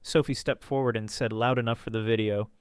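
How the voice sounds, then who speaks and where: Male storyteller, smooth and resonant, close dry mic, dramatic first-person read. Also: steady tone, a little fast, no echo. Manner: dramatic, voices characters with pitch jumps. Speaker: story narrator.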